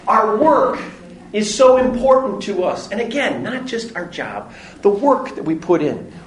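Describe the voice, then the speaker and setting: Animated man teaching in an echoey church. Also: high voice. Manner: animated, joking, acts out voices in stories. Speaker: parish teacher. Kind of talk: Bible study talk. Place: parish hall or church.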